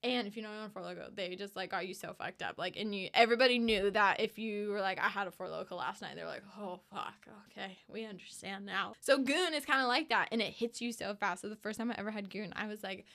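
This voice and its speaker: Young woman vlogger, twenties, casual storytelling, swears freely, gushing and filler-heavy, clear smooth tone. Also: medium pitch, fast talker, hardly any pauses, sharp tone. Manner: profane, gushing, lots of "like" fillers.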